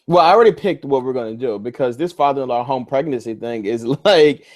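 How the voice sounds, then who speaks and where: A man's voice: medium pitch, brisk. A young man with a mid-range voice, talking casually as a co-host. He rambles loosely with lots of filler words and laughs easily. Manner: relaxed, hedging with "like", laughs a lot. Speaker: podcast co-host. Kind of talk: casual chat.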